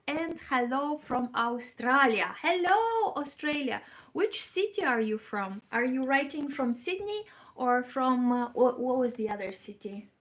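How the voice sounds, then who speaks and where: A woman from Moldova hosting a knitting livestream in a fairly high voice. She chats with viewers at an easy, slow pace, thinking aloud with fillers and soft laughs. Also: big pitch swings. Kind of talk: casual livestream chat, reading viewer comments.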